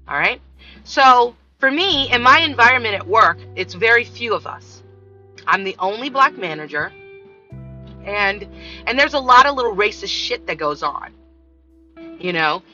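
Animated woman with a bright, hard voice. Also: fairly high pitch, unhurried, long pauses. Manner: animated, acts out voices in her story. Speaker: vlogger. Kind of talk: casual storytelling monologue. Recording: dull lo-fi sound with faint music.

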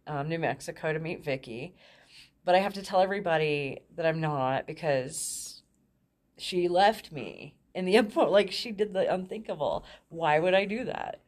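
Low-voiced woman, frank storyteller. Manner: frank, laughs often mid-sentence. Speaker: guest telling her life story. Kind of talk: candid personal storytelling.

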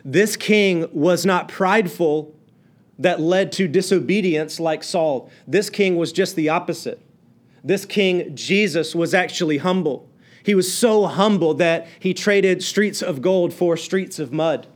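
A man preaching a morning sermon, swinging from raised, fervent passages to low, quiet ones. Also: unhurried. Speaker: pastor.

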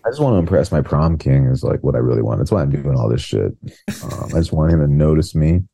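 A man's voice: very deep voice, expressive, quick pace, vocal fry, dark tone. A man who is a comedian and podcast guest, bantering in a laid-back, joking and profane way. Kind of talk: casual banter.

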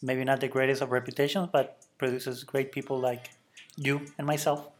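A mid-pitched man in his thirties with a Mexican Spanish accent talks as a podcast guest. He speaks earnestly, with small hesitations, over faint music. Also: flat delivery, moderate pace. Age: 30s.

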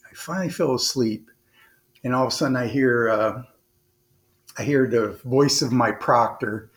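A man who is a former naval officer and podcast guest, telling a long story in an earnest, conversational way, full of restarts and fillers. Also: mid-range voice. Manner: rambling, frequent restarts and fillers; earnest, animated retelling with quoted dialogue.

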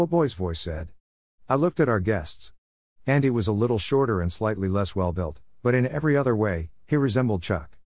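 A man tells a story in a calm, even reading voice. His voice sits low, and the recording is dry with no room sound. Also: no echo. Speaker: audiobook narrator. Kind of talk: scripted narration.

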